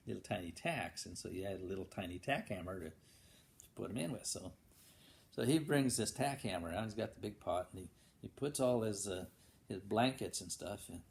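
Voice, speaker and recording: A man's voice: low voice, vocal fry, slight background noise. A man telling a folksy tall tale, acting out buzzing and banging sound effects, with frequent restarts. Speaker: storyteller.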